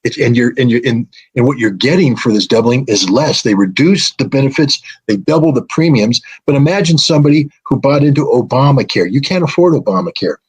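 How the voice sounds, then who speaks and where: A man's voice: medium pitch, animated, brisk, hardly any pauses, husky, rough recording. A man from the United States speaking as a guest in casual commentary, emphatic and repeating phrases for stress.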